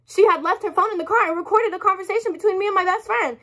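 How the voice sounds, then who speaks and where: High-voiced young woman ranting, upset. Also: rapid-fire, sharp tone. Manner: rambling, heavy swearing, apologizes often. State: upset, close to tears. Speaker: vlogger. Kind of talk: emotional storytime rant.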